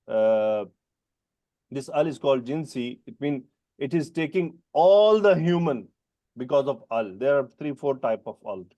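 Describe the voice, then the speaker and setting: A man's voice: medium pitch, lively intonation, warm tone, muffled recording. Male teacher explaining Arabic grammar. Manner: questioning students by name, explaining terms slowly. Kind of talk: online Quran grammar lesson.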